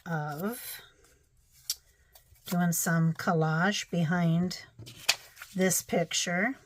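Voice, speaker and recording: A woman's voice: lowish voice, fairly even intonation, extremely slow, a little hiss or hum. A woman narrating her crafting casually, thinking aloud with chatty, self-deprecating asides.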